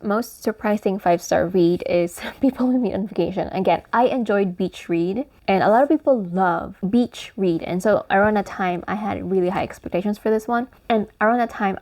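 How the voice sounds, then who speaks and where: A woman's voice: mid-range voice, darkish tone. Chatty woman book vlogger. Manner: chatty, emotional, frequent fillers and restarts. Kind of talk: casual book chat.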